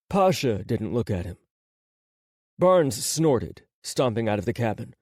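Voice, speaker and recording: A male narrator reading an audiobook in a slow, measured, dramatic style. His voice sits in a middle register and is recorded close on a studio microphone, dry with no room echo. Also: mid-range voice, very animated, darkish tone.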